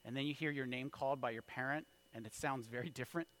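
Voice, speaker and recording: A man in his thirties preaching a sermon, telling a story with big swings from hushed lines to loud calls. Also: mid-range voice, steady tone, quick pace. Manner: storytelling with wide swings in loudness, from hushed to shouted. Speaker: pastor.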